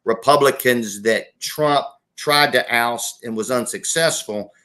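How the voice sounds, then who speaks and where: A man's voice: mid-range voice, slow pace, sharp tone. A middle-aged man from South Carolina, a former state legislator, talking politics as a guest in an interview with folksy self-corrections and restarts.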